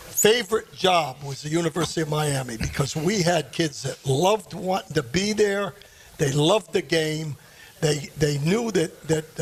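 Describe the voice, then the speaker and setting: A man who used to coach, now co-hosting a sports radio show, talking in a halting, reflective way. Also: on the high side, a little hiss or hum. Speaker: radio co-host, former coach. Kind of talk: casual sports radio chat.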